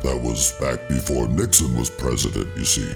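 Guy doing a forgetful old doc, real low voice, wanders off mid thought, music playing. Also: moderate pace, creaky. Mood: rambling. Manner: doddering, wanders off topic. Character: forgetful rambling old male doctor. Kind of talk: spoof TV drama skit.

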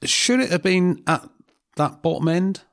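A man's voice: sits high, animated, measured pace, gravelly, dry recording, clean studio sound. A man co-hosting a casual football chat, talking hesitantly with many ums. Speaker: co-host.

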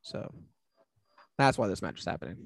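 Male host, lively swings in pitch, loose and profane, dry close sound. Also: moderate pace, vocal fry, no echo. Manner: animated, swearing, rambling with fillers. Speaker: podcast host. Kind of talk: casual recap chat.

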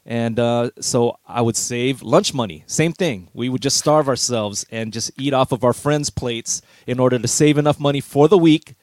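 A middle-aged man telling old stories at an easy, unhurried pace, chuckling often. His voice sits at an ordinary middle pitch. The sound is dry and close, with no room echo. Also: a little mellow. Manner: easygoing, reminiscing, chuckles often. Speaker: veteran DJ guest. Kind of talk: relaxed storytelling interview.

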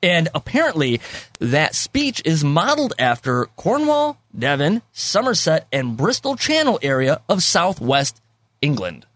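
A man's voice: fairly high pitch, wildly swooping pitch, measured pace, a bit bright, dry recording. A man hosting a casual movie discussion podcast, rambling with many fillers and repeats, and laughing easily. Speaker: podcast host.

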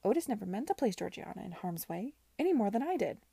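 A woman's voice: mid-range voice, very animated, fast, gravelly, warm tone, slightly rough, no room sound, heavily acted. A woman reading aloud and voicing an earnest, anxious young woman in an urgent, pleading tone.

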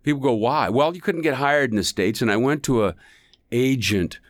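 An older man, a voice actor guest, telling stories in a loud, exaggerated, animated way. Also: moderate pace, dry recording. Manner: animated, exaggerated storyteller with big pitch swings. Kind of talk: storytelling conversation.

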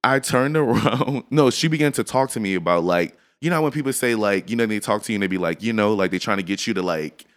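A slightly tipsy man hosting a podcast, telling a story in a loose, animated way with lots of laughter and filler words. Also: lowish voice, quick pace, hardly any pauses. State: a bit tipsy from drinking. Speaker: podcast host. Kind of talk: casual storytelling chat.

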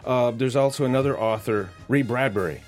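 Male composer guest; chatty storyteller, hesitant fillers, mid-pitched voice. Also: a little mellow, faint music behind. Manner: anecdotal, halting with fillers, quotes people in voices. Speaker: film composer.

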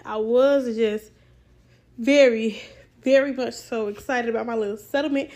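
A woman's voice: fairly high pitch, fairly even intonation, a little slow, darkish tone. A young woman hosting a podcast, telling a casual storytime monologue in a blunt, profane, rambling way. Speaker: podcast host.

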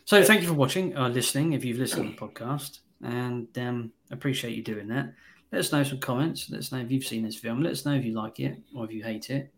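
A man chats through a film review in a blunt, wry way. He swears freely and sounds unimpressed. His voice sits at an ordinary pitch. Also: fast talker, fairly bright tone. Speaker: podcast host. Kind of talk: casual film review chat.

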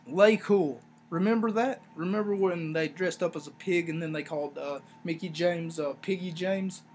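A man hosting a wrestling review podcast, talking casually in a rambling, sarcastic way with animated asides. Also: high voice, a little slow, a little hiss or hum. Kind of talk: casual solo review talk.

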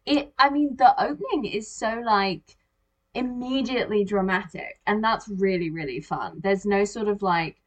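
A woman's voice: mid-range voice, normal speed. A woman in casual conversation about a movie, talking animatedly and acting out her own reactions as little quoted asides.

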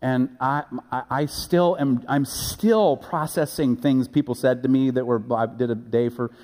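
A man preaching a sermon as pastor, earnest and halting, building to emphatic peaks. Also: medium pitch, steady tone, a little mellow. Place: church sanctuary. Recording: echoey church hall.

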